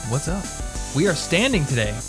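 A young man from Iowa hosting a podcast, telling stories in a loose, animated, rambling way with frequent restarts. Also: a little high, moderate pace, music in the background. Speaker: podcast host. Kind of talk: casual chat.

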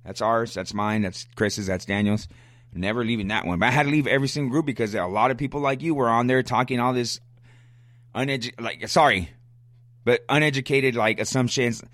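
A man in the middle pitch range talks fast and fired up on a fan podcast, blunt and repetitive, often stammering on restarts. The sound is close and dry, with no room around it. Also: fairly bright tone, no echo. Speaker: sports podcast host. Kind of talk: casual fan commentary, answering listener questions.

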